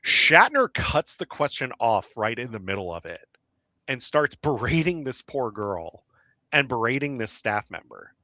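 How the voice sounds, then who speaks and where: A man, a podcast host, telling animated anecdotes in casual chat with lots of fillers. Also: medium pitch, measured pace, dry recording.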